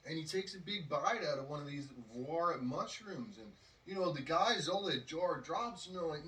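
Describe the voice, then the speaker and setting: A man's voice: a little high, lively intonation, normal speed, few pauses, pushed and bright. Rambling man telling a story. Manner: rambling, with many fillers and acted quotes. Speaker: podcast host. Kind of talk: casual storytelling. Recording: roomy, distant from the mic.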